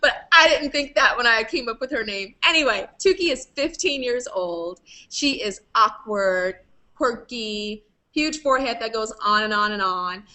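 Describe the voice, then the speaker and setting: A woman's voice: a little high, bright, forceful tone. A woman hosting a playful, casual video chat with fans, laughing often. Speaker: host. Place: video call. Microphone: video call.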